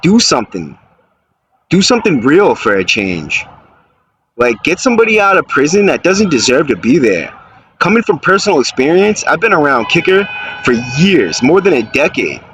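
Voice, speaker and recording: A man's voice: medium pitch, fairly bright tone, a little hiss or hum. A man hosting a podcast, talking casually and earnestly after a phone call and asking listeners to help. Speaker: podcast host.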